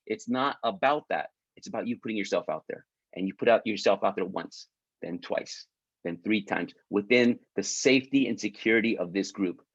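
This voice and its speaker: A man's voice: on the low side, slightly rough, no echo. A man coaching an online business group in a casual motivational pep talk, full of restarts and repeated "right?", pleading and encouraging. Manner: repetitive, stumbling restarts, keeps asking "right?". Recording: dry, muffled lo-fi audio.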